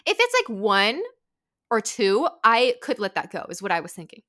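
A woman hosting a podcast, telling a story in casual chat, animated, swearing and saying "like" a lot. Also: medium pitch, normal speed. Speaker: podcast host.

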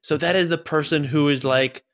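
Bright-voiced man riffing in casual chat. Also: fairly high pitch, steady tone, moderate pace. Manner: storytelling riffs, acted-out quotes. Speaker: podcast co-host.

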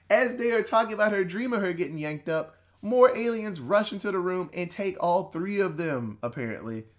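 A man with a high, expressive voice and moderate pace gives a rambling, swear-filled recap of a horror movie on a podcast. Casual throughout, he voices the characters' quotes and laughs between points.

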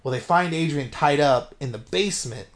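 A man co-hosting a podcast, recapping a film in a casual, animated way and swearing freely as he tells it. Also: on the high side, moderate pace. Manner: animated storytelling with frequent swearing. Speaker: podcast co-host. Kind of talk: casual movie recap chat.

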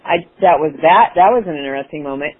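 A woman's voice: deep voice, lively intonation, quick pace, slightly rough. A woman guest in an interview, telling a personal story with enthusiasm, laughing and acting out her past self. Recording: phone-like radio broadcast.

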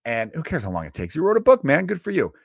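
A man hosting a comedy podcast, rambling in a casual monologue, cursing freely and bursting into loud acted-out voices, speaking close to the mic. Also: a little high, huge pitch swings, fast, vocal fry, no room sound.

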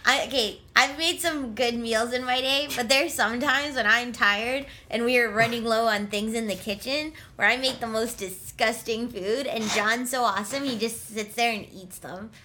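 A woman co-hosting a podcast in lively casual chat. Her voice is bright and forceful, a touch higher than most, and she talks loudly and laughs often. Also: normal speed, few pauses, slight background noise. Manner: loud, laughs often, animated. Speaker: podcast co-host.

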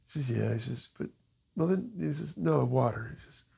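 A man on a casual podcast telling a bar joke, animated and doing voices for each character. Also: medium pitch, normal speed, vocal fry, breathy edge. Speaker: podcast co-host, musician.

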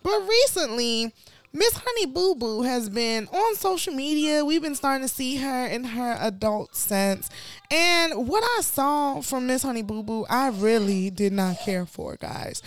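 This young adult woman co-hosts a laid-back pop-culture podcast, speaking frankly and with strong opinions, her chat full of fillers. Her voice is high with lively intonation, and she keeps a measured pace.

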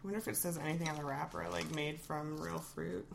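A woman's voice: low-pitched, steady tone, fast talker, vocal fry, a little hiss or hum. A woman co-hosting a podcast from her kitchen in casual chat, wry and giggly with dramatic complaints. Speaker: podcast co-host.

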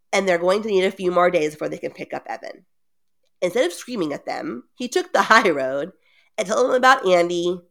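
A woman's voice: lowish voice, gravelly, a bit bright. A woman hosting a podcast, retelling a story in a casual, chatty way with joking asides. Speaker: podcast host retelling a book.

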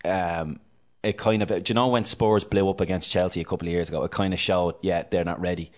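A man's voice: low voice, fairly even intonation. A man hosting a radio sports show, chatty and jokey in casual talk. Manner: chatty, jokey, fast-talking.

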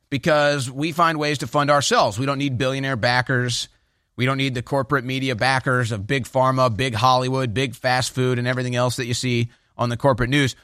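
A male talk host with a bright, forceful tone, talking fast and sarcastically. The sound is dry and close, with a slightly high voice. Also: no room sound. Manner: mocking, sarcastic mimicry. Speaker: political talk show host. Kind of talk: opinionated commentary.

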